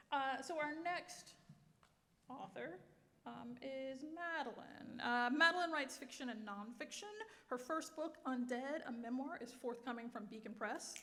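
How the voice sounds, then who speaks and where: Woman hosting a reading, high voice, reverberant hall. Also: bright, forceful tone. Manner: chatty, with fillers and asides. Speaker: reading host. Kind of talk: introducing a reader at a literary event. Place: event room.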